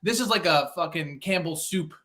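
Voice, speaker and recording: A man's voice: fairly high pitch, normal speed, pushed and bright. A man in casual sports podcast banter, blunt and emphatic, with some swearing.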